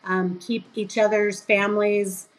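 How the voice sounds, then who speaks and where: A middle-aged woman, a guest on a podcast, telling a lively story and acting out the voices of the people in it. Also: mid-range voice, unhurried, rough recording. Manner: animated, acts out quoted voices. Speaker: guest, business co-owner.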